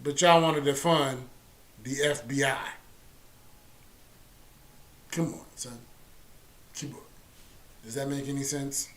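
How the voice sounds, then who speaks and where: A man's voice: medium pitch, slow, pauses often, fairly bright tone. A man hosting a casual political talk stream, sarcastic and loose, with many fillers.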